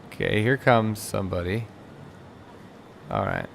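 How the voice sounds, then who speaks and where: Gravelly low-voiced man commentating a game. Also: big pitch swings, moderate pace, a little hiss or hum. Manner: rambling, exasperated at bugs. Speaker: let's play host. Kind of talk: casual gameplay commentary.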